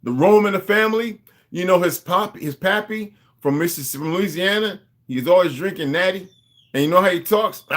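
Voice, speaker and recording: A man's voice: medium pitch, a bit bright. A man talking to his viewers in a rambling, casual monologue, drifting between asides and restarting his sentences. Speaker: vlogger.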